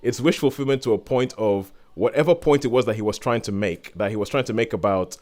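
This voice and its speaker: A man co-hosting a podcast, giving an animated, exasperated review in casual chat and acting out quotes in sudden high voices. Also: fairly quick, hardly any pauses. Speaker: podcast co-host reviewing a series.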